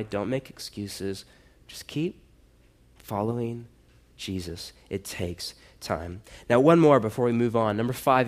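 A man preaching a sermon in a church, earnest and conversational, building to emphatic exhortations. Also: mid-range voice. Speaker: pastor.

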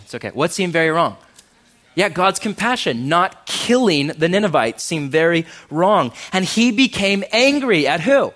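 A pastor with a slightly high voice preaches a sermon, animated and emphatic, posing questions to his congregation and going quiet for serious points.

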